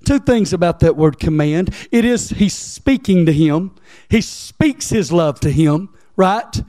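A man's voice: high voice, animated, measured pace, dark tone, dry recording, studio quality. A man preaching a sermon, repeating phrases and rising into emphatic, near-sung lines.

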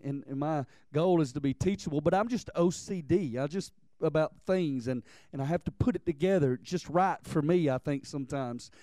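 A man's voice: on the high side, mellow, clean tone, no echo. A man of about forty, preaching a sermon earnestly, often restarting his words and building in intensity. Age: 40s. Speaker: pastor.

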